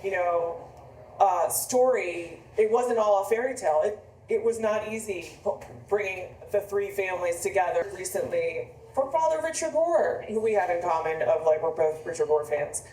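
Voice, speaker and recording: A woman's voice: medium pitch, expressive, moderate pace, mellow, slight background noise. A woman in her fifties, an author, telling a personal story in a rambling, conversational way with frequent restarts. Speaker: author on book tour. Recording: echoey room, mic from a distance.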